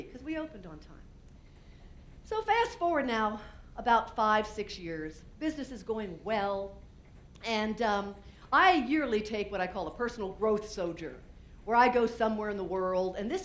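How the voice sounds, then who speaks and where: A woman business owner giving a conference talk, telling a candid personal story in an animated way and acting out what she said. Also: medium pitch, slight background noise. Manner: animated and candid, acts out her own quotes, frequent restarts. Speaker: keynote speaker and business owner.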